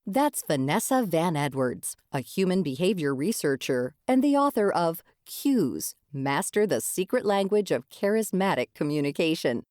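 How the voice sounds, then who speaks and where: Woman, low pitch, lively intonation, scripted radio narration, dry studio. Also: dry recording. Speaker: radio show host.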